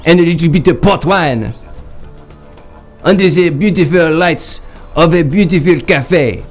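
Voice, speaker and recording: A man playing a haughty male French butterfly collector in a put-on French accent, with overblown, halting phrasing, for an improv comedy stream. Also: fairly high pitch, soft background music. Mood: grandiose. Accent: mock French.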